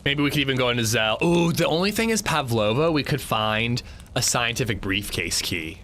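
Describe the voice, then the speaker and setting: A man's voice: mid-range voice, animated, moderate pace, fairly bright tone. A man streaming a game, casually chatting with his viewers and swearing when something annoys him. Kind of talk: casual livestream chat while gaming.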